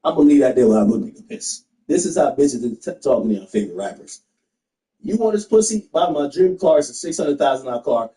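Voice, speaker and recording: A man streamer chatting casually with his viewers while he plays, laughing and reading messages aloud to them in an animated way. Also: mid-range voice, fast talker, roomy sound, low-quality recording.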